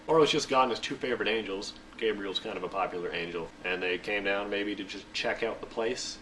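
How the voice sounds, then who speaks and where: A man's voice: fairly low pitch, fast talker, few pauses, a bit bright. A young man hosting a casual, jokey reading and explanation of a scripture passage, recorded from a distance with faint noise. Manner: goofy, slangy, jokey. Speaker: show host.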